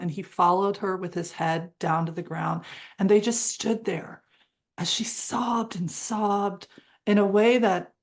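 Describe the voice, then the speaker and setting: A woman being interviewed as a guest, telling a heartfelt story from her work in horse-assisted therapy in an earnest, emotive way. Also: mid-range voice. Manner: earnest and emotive, with brief laughs.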